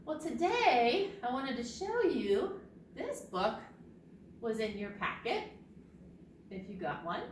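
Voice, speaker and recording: A young woman runs a preschool storytime, her fairly high voice leaping with play. She talks slowly and gently, coaxing the children to join in. The sound is roomy and taken from a distance, with faint ambience behind. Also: sing-song, a little hiss or hum. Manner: sing-song, leads children in bird sounds and movements. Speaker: children's librarian. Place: library. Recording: echoey room, distant mic, faint ambience.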